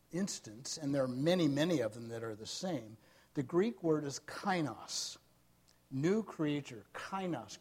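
A middle-aged man preaching a sermon, telling stories with bursts of loud emphasis that fall back to quiet asides. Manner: storytelling, rising to loud emphasis then dropping low.

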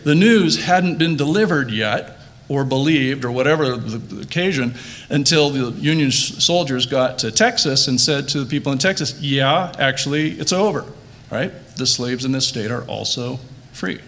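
A pastor giving a sermon, earnest, stressing quoted lines and restarting phrases, then leading a quiet prayer. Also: male voice, medium pitch, normal speed.

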